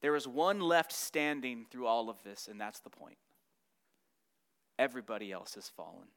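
A man's voice: medium pitch, lively intonation, moderate pace, a bit bright, smooth. A man teaching a Bible study lesson, acting out the quotes with rising and falling intensity.

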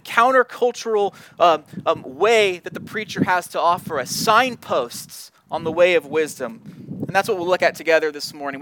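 High-voiced pastor preaching earnestly. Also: male voice, pushed and bright, slight background noise. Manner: earnest, repeats words while searching for phrasing. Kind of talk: sermon.

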